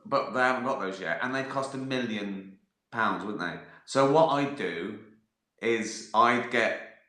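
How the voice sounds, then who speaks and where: A man hosts a casual livestream from a phone or laptop, rambling through viewer questions with lots of fillers, restarts and casual swearing. His voice is fairly low, pushed and bright, a little slow, and the recording sounds roomy and echoey.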